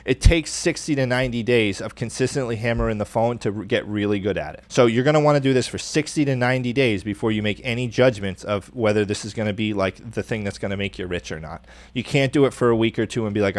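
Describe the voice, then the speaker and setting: A man coaching salespeople in an emphatic, repetitive motivational style, acting out phone scripts in a brighter upbeat voice. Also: mid-range voice, no room sound. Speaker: sales trainer.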